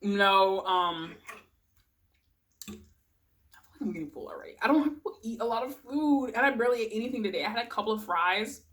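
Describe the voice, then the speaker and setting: A woman's voice: medium pitch, expressive, brisk, pauses often, a bit bright. A young woman chatting casually while eating on camera, rambling, giggling and murmuring as she tastes food. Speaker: vlogger. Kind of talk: casual mukbang chat.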